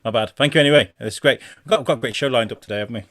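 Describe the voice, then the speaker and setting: A man's voice: medium pitch, very fast, fairly bright tone, dry recording, clean studio sound. A man from Shrewsbury hosting a casual podcast, swearing and laughing at his own slip-ups. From Shrewsbury, England. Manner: sweary, laughing, self-mocking. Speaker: host.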